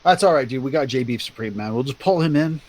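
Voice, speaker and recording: A man's voice: medium pitch, expressive, fast talker, a little mellow. A man co-hosting a casual podcast chat, joking and putting on mocking voices. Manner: jokey, slips into mocking voices. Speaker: podcast co-host.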